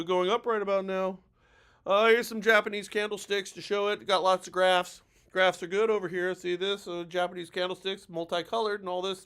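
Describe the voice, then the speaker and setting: A bland, droning male loan officer, put on by a man for a parody drags through his pitch. His delivery is flat and hesitant and full of "uh". The voice sounds a little distant from the mic. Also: clear, resonant tone. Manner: flat, halting, with lots of uh.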